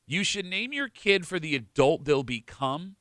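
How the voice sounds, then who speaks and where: A man's voice: a little high, no room sound, clean studio sound. A man hosting a casual radio show, joking and laughing easily as he talks. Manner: animated, joking, quick to laugh. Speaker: radio host.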